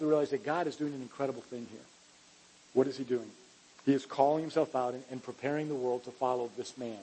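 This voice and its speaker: Husky-voiced man preaching earnestly. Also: fairly high pitch, mellow, poor audio. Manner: earnest, emphatic, restarts phrases while preaching. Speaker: pastor. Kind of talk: sermon.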